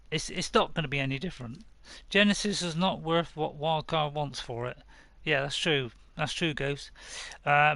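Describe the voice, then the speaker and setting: A man's voice: a little high, creaky, pushed and bright, no echo. A man from Bristol with a West Country accent, chatting casually with viewers on a game live stream and reading out their messages. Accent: West Country English. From Bristol, England. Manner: chatty, chuckling, reads viewer messages aloud.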